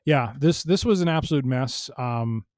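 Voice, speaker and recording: A man's voice: mid-range voice, lively intonation, normal speed, darkish tone, no room sound, clean studio sound. A man co-hosting a podcast, explaining wrestling news in casual chat and reading an article aloud. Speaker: podcast co-host.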